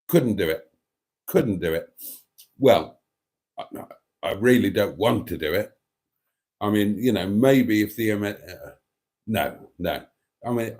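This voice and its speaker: A middle-aged man hosting a casual live stream, reading out viewer comments and chatting in an animated, dramatic way that includes some swearing. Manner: animated, dramatic, swears freely, lively pitch swings.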